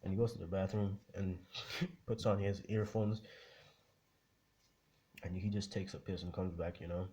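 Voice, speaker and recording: A young man with a very deep voice tells a story casually, rambling and swearing with plenty of ums and likes. A faint hiss sits under the recording. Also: fairly even intonation, moderate pace, pauses often. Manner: rambling, profane, full of fillers.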